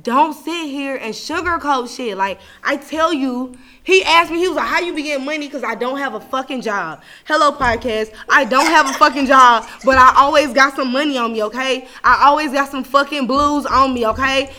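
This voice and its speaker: A young woman hosts a casual podcast and vents. Her voice is bright and forceful and sits a little high, and she is animated and swears freely. She swings between loud outbursts and low muttering. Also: normal speed, a little hiss or hum. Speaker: podcast host. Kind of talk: casual venting chat.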